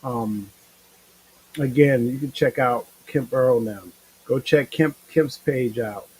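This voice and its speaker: A man's voice: medium pitch, slow pace, a little mellow, slightly rough, low-quality recording. A tired man hosting a casual live-stream chat, rambling in a laid-back, slangy way with lots of fillers. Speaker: show host.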